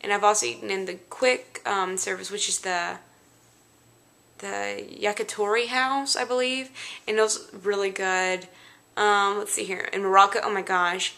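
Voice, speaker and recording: Young woman vlogging, chatty and rambly, bright voice with lots of fry. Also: mid-range voice, steady tone, moderate pace. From Louisiana, United States. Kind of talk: casual chat.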